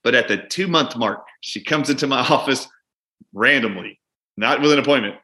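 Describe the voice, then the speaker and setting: Bright-voiced man telling a vivid clinic story. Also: mid-range voice, normal speed. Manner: animated, acts out both sides of a patient exchange. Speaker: doctor and guest. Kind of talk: conversational storytelling.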